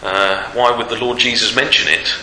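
A male preacher giving a Sunday sermon, asking rhetorical tag questions and pausing on fillers, in a church hall with a long reverb. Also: medium pitch, fairly even intonation, sharp tone. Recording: roomy hall reverb, faint noise.

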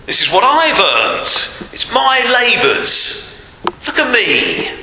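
A man's voice: extremely high pitch, wildly swooping pitch, slow pace, pushed and bright, voice pushed up, exaggerated voice. A male preacher voicing a boastful, proud man who shows off his giving, in a roomy hall with a long reverb. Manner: self-satisfied, showy.

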